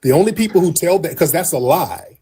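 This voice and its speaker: Insistent husky-voiced man. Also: a little high, expressive, brisk, mellow. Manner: insistent, calls caller "sir" repeatedly. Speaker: podcast host. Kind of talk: heated live-stream debate.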